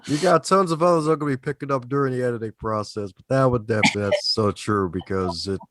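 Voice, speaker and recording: A man hosting a podcast interview, summing up in a quick, loose way. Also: medium pitch, background noise. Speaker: podcast host.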